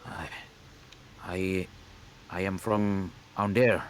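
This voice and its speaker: A man's voice: low-pitched, steady tone, very slow, slight background noise. A man voicing a nervous male Warforged companion who stammers and pleads.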